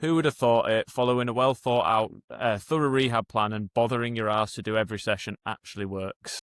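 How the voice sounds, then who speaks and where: A man's voice: fairly low pitch, fairly even intonation, a little fast, clean tone, dry recording, studio quality. A man, a rehab coach hosting a podcast, talking in a chatty, encouraging way with plenty of filler words. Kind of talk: casual interview talk.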